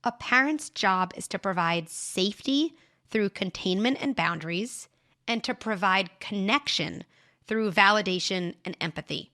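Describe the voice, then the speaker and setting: A woman hosting an advice podcast on parenting, speaking in a calm, measured and reassuring way as she talks through reframes. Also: medium pitch. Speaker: podcast host, parenting advisor.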